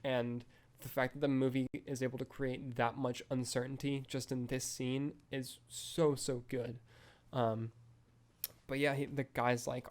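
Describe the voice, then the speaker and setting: A man's voice: medium pitch, level tone, a little slow, darkish tone. A young man hosting a podcast, reviewing a film in casual chat full of "like" and "um" fillers. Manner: rambling, heavy use of "like" and "um".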